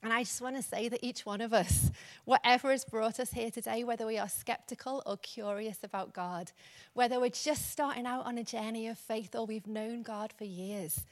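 A woman's voice: on the high side, moderate pace. A woman preaching a church sermon in a conversational way, with laughing asides. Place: church service.

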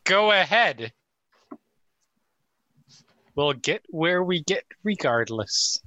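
Man, tabletop player, very bright voice, slow, wry. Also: a little high, big pitch swings, no room sound. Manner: dry, wry remarks. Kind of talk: casual in-character play.

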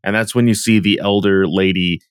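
A man's voice: deep voice, brisk, smooth, no echo. Laid-back man recapping a chapter, dry sound. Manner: relaxed, with filler words and hedges like "kind of" and "or whatever". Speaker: podcast co-host. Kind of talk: casual chat recapping a manga chapter.

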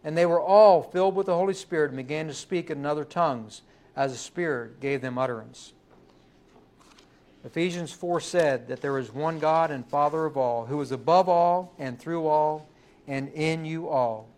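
Male pastor, slightly higher voice, emphatic sermon delivery in church. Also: a little mellow. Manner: emphatic preaching, rising and slowing on key words.

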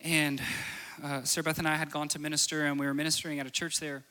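A man's voice: on the high side, level tone, fast talker, pushed and bright. A man preaching a sermon with stories, earnest and repeating phrases for emphasis. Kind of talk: sermon with storytelling.

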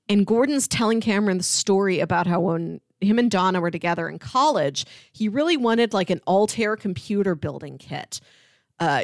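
A woman's voice: mid-range voice, dry recording, clean studio sound. A woman co-hosting a podcast, casually recapping a drama episode and animatedly acting out the characters' lines. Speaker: podcast co-host. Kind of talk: casual chat recapping a TV show.

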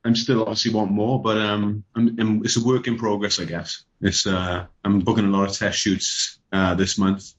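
A Welsh man with a very deep, husky voice chats as a podcast guest. He speaks in an even, flat, relaxed way, and the audio comes through dull and lo-fi over a video call. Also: normal speed, hardly any pauses. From Wales. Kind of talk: casual podcast chat.

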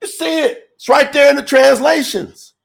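A man's voice: extremely high pitch, moderate pace, gravelly. A man preaching in an informal, emphatic style, firing rhetorical questions at his listeners. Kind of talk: informal sermon.

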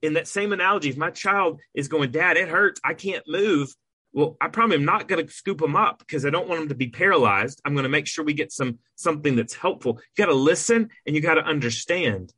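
A man's voice: a little high, animated, quick pace, few pauses, bright, forceful tone, slightly rough, no echo. A man co-hosting a podcast, an adoptive parent talking in an earnest, emphatic way with frequent restarts. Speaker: podcast co-host. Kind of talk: earnest conversational podcast talk.

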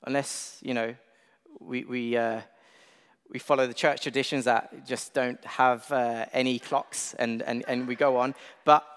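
A man's voice: medium pitch, fairly bright tone, smooth. Young male preacher, casual and self-deprecating, reverberant church hall. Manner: conversational, self-deprecating, with filler words. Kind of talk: sermon. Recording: long reverb of a large hall.

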